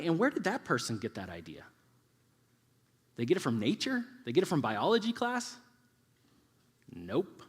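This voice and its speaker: A man's voice: fairly high pitch, slightly rough. A man in his thirties preaching a casual, conversational sermon, acting out quoted voices as he goes. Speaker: youth pastor. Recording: live hall reverb.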